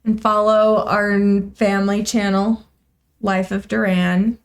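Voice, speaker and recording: A woman's voice: mid-range voice, level tone, slow pace. A woman co-hosting a reaction video, chatting in an easy, agreeable way. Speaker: co-host. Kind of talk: casual chat.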